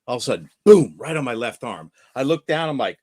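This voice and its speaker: A man chatting casually, telling a fishing story with lively delivery and acting out the voices of people in it. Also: medium pitch, quick pace, no echo, studio quality. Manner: animated storyteller, acts out the voices of people in his stories. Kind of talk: casual chat.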